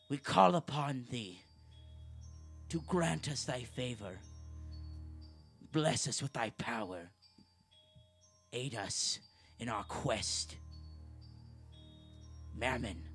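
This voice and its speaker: A man voicing a cruel male cult leader who speaks quietly and coldly. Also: fairly low pitch, lively intonation, a little fast, long pauses, soft background music, voice pushed down. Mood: solemn.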